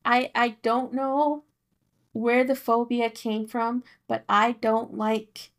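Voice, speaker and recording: A woman's voice: on the high side, flat delivery, slow. A young woman, the daughter co-hosting the podcast, talking in casual chat with insistent, emphatic repeats and restarts.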